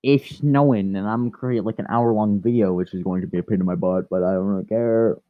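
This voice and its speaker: A man's voice: on the low side, fairly even intonation, fast talker, dry recording, narrow, tinny audio. A man rambling through a casual fan story, chatty and often correcting himself.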